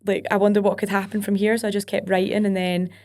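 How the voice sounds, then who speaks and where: A young woman with a Glaswegian accent talks as a guest on a podcast. She tells stories in a casual, chatty way, with her voice sitting in a middle pitch range. She drops local words like wee and aye as she goes. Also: level tone, quick pace, a little mellow. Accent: Glaswegian Scottish. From Scotland. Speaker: country singer, podcast guest. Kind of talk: casual interview chat.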